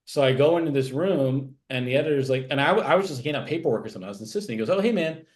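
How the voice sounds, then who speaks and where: Give me a man rattling off a quick, rambling answer full of fillers in a casual interview. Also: mid-range voice, animated. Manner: rapid, rambling, many fillers and restarts. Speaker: TV animation writer, interview guest.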